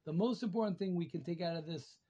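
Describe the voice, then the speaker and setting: A rabbi teaches over a video call in a high, husky voice with a mellow tone. He repeats phrases and grows louder and higher as he pleads his point. The call audio sounds dull and lo-fi. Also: fast. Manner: emphatic, repeats phrases, rises in pitch and volume when pleading. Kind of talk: Torah class on a video call.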